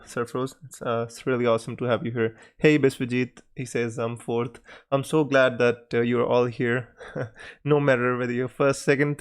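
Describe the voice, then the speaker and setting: A man hosting a casual live stream Q&A, greeting viewers by name and talking in a hesitant, pausing way. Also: mid-range voice, clear, resonant tone.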